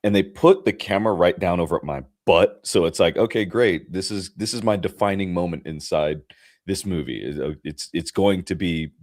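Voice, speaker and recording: A young man with a very low voice tells an animated story, full of fillers and laughter. The sound is dry and close, like a video call. He talks casually, as one actor chatting with another. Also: normal speed, no echo. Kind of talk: casual chat. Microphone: remote video call.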